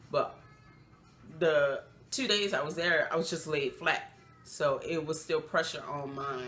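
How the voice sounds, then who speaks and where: A woman, retelling a hospital story in a casual, emotional way with many fillers. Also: low-pitched. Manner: emotional, animated retelling with acted quotes; loose, chatty, many fillers. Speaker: vlogger.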